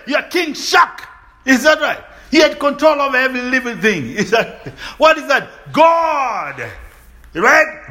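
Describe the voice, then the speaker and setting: Speaking in a very high-pitched voice, a man preaches with a call-and-response pattern. He frequently asks the congregation to agree, and his delivery includes outbursts of shouting and laughter.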